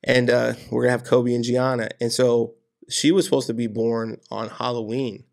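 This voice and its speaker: Gravelly-voiced man telling stories animatedly. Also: mid-range voice, normal speed. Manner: animated, swears, says "dude" and "man". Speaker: podcast guest. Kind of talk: casual storytelling interview.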